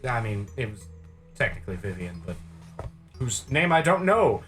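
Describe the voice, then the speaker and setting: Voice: medium pitch, very animated, normal speed, a bit bright, faint music behind. A player at a tabletop game making sarcastic jokes. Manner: sarcastic, joking. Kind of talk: tabletop role-play banter.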